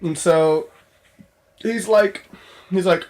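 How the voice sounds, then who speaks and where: A man's voice: fairly high pitch, little pitch movement, moderate pace. A young man casually telling a story from his job in a vlog, rambling with lots of fillers and restarts. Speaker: store clerk telling a work story.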